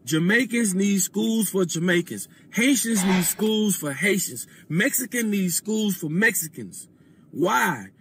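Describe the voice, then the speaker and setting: Man, podcast guest, husky, high-pitched, lecturing, deliberate. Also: fairly bright tone. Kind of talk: casual podcast talk.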